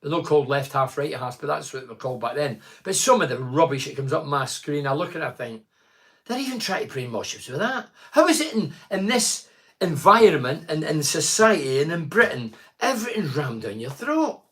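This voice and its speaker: Chatty Scottish man, a bit high. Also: very animated, brisk, fairly bright tone. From Scotland. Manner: chatty, reads out viewer comments and tells anecdotes. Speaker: host of a live chat stream. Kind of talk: casual chat.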